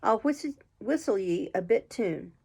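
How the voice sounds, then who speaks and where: A woman's voice: mid-range voice, animated, a little slow, mellow, heavily acted. A woman voicing a wily, fierce man who grumbles and puts on fury, read from a storybook. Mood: sly. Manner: gruff, grumbling, feigned fury. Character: wily fierce Scottish male Highlander, roguish.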